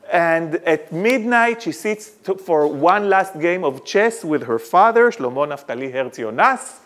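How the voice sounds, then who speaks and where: A man from Israel, giving a lively, dramatic storytelling lecture full of wry asides. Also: high-pitched. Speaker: guest lecturer.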